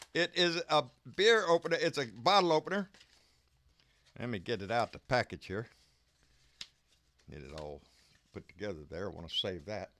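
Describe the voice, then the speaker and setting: Bright-voiced folksy man ranting. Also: mid-range voice. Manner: folksy, profane, says "baby" a lot. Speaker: live stream host. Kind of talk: casual live-stream chat and rant.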